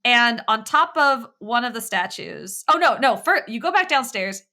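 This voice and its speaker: Woman co-host, bright and fairly high voice, chatty retelling of a game. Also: normal speed. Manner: chatty, animated retelling, quoting game characters in little voices. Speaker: podcast co-host. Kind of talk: casual chat about a video game.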